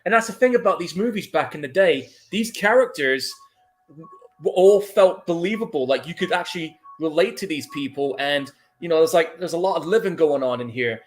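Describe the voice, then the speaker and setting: A man's voice: on the high side, animated, moderate pace. A man hosting a casual movie commentary podcast, laid-back and easily laughing, reading out chat comments. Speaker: podcast host.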